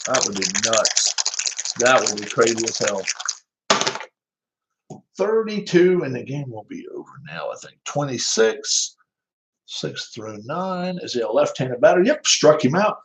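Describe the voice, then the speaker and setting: A man's voice: mid-range voice, very animated, unhurried, pauses often, fairly bright tone, a little hiss or hum, low-quality recording. A man with a Southern American accent, casually calling the plays of a tabletop baseball replay, rambling and chuckling often at himself. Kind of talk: casual play-by-play chat.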